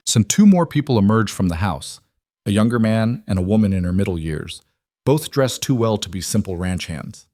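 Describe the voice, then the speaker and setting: Guy reading a western story, lowish steady voice, real dry close sound. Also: moderate pace, no room sound. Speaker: narrator. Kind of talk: scripted audiobook narration.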